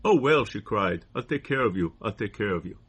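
Kind-hearted woman, as a man reads her lines, husky and plain. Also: on the low side, lively intonation, brisk, a bit bright. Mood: caring. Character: tender-hearted kind woman, then frightened. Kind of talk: reading a poem aloud.

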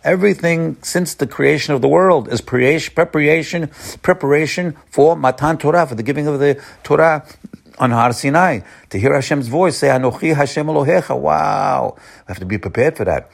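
A man giving an informal Torah lesson as a rabbi, repeating words often, rising for emphasis and then dropping low. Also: gravelly.

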